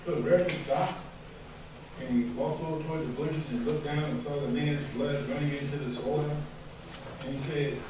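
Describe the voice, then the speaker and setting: A man telling a parable to mourners at a memorial service, in a slow, dramatic storytelling manner. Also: a little high, fairly even intonation. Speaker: eulogy speaker. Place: funeral hall. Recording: distant, very echoey hall with noise.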